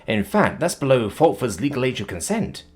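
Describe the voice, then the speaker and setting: Rich: An encouraging young reporter woman, as a male narrator lifts his voice for her. Polite and warm in wording, breathy in tone, and very animated. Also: medium pitch, normal speed, pitched above the performer's own voice. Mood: friendly. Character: friendly young female journalist.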